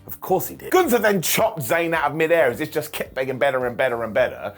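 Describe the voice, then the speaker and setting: A man hosting a wrestling review, recapping with sarcastic jokes and quick asides. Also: fairly high pitch, lively intonation, soft background music. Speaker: wrestling show reviewer and host. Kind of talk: animated comedic recap.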